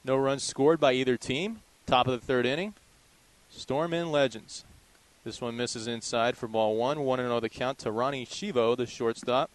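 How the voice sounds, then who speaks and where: A young male play-by-play announcer calling a college baseball game. He describes each pitch in an even, steady way. His voice sits at a middle pitch for a man. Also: normal speed, poor audio. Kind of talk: live baseball play-by-play commentary.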